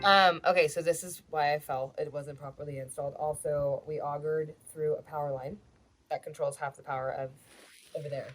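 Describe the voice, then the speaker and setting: Female vlogger, very low voice, grateful and tender, music clear underneath. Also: steady tone, brisk. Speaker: DIY vlogger.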